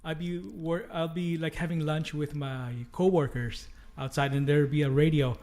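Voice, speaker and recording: A man's voice: fairly high pitch, steady tone, normal speed, darkish tone. A man, a DJ guest on a podcast, telling old club stories in casual chat, laughing often, swearing freely and restarting sentences. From Canada.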